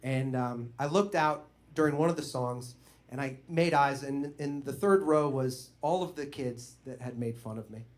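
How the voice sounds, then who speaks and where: A man's voice: mid-range voice, moderate pace, few pauses. Man telling a personal story on stage. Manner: animated, conversational, with bursts of laughter. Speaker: comedian. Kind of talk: stand-up storytelling.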